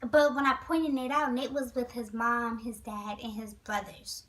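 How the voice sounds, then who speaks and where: A woman vlogger telling a storytime to her viewers, chatty and animated, with many asides. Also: a little high, moderate pace, distant mic, poor audio. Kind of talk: storytime vlog.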